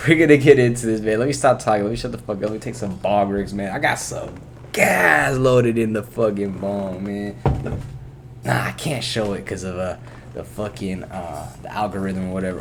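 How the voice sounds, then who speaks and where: A man talks loosely and profanely, hosting his vlog from his bedroom. His voice sits on the low side, and a faint hum of noise runs underneath. His delivery is relaxed and rambling. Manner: laid-back, profane, loose storytelling. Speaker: vlog host. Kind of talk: casual rambling vlog chat.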